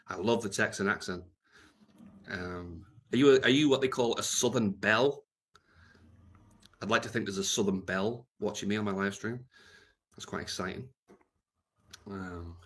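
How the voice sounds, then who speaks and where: A man hosting a livestream, rambling in a deadpan, mumbling way with lots of ums. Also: on the low side. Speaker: livestream host.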